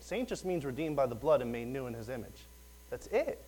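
A man's voice: mid-range voice, very animated, fairly quick, darkish tone, rough recording. A young man delivers a loose, chatty sermon. He wanders through asides and fillers, talking as a lay preacher would to his own congregation. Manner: rambling, conversational, fillers and asides. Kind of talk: informal sermon.

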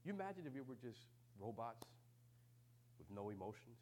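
A man preaching a sermon with humorous asides, swinging from hushed whispers to loud, impassioned shouts. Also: medium pitch, very animated, normal speed.

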